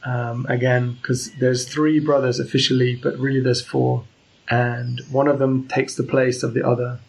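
A man's voice: mid-range voice, level tone, moderate pace, gravelly, darkish tone, breathy edge, rough recording. A man casually discussing novels, hesitant and full of ums and restarts. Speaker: book discussion presenter. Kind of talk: casual literary talk.

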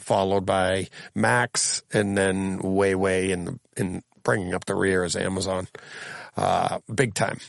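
A man's voice: low voice, creaky, no room sound. A man hosting a podcast in casual chat, reading and answering listener comments, rambling and chuckling often as he restarts sentences. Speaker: podcast host.

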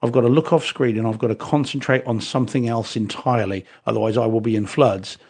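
Man, podcast host, husky voice, thoughtful and meandering. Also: medium pitch, steady tone, fast talker, darkish tone. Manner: thoughtful, rambling. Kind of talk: casual chat.

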